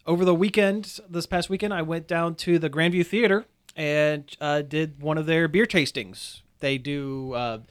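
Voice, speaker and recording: A man's voice: a little high, steady tone, normal speed, few pauses, clean tone. A man co-hosting a podcast, chatting casually and rambling through a story with lots of fillers. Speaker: podcast co-host. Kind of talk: casual chat.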